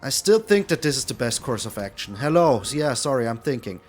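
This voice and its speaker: A man giving live gameplay commentary as a card game streamer, animated and repeating his phrases with lots of mild swearing. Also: mid-range voice, brisk, faint music behind.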